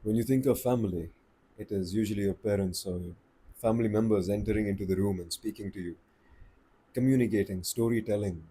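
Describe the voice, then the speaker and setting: A man giving voice tips in a relaxed, unhurried, conversational way, slowing down to stress his points. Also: on the low side, slight background noise. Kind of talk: casual advice talk to camera.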